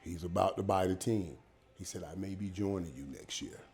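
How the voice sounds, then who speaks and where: A middle-aged man, a former pro football player, telling stories as an interview guest in casual, animated talk, often repeating words and dropping in "man" and "dog". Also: deep voice, a little fast.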